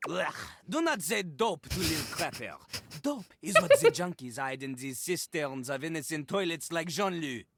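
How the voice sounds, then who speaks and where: A man's voice: fairly high pitch, very animated, moderate pace, exaggerated voice. An actor playing a boastful male toilet rapper with a French accent, bragging in rhyme and talking of himself in the third person. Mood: haughty. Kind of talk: game character rapping over a beat. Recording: game audio over loud hip hop music.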